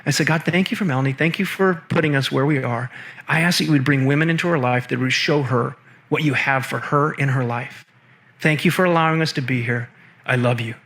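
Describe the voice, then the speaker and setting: A man's voice: mid-range voice, a little fast. A man telling stories from his career as a guest in an interview, acting out the voices of people he quotes. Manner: animated, acts out quoted voices. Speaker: guest, film producer and assistant director. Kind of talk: storytelling interview talk.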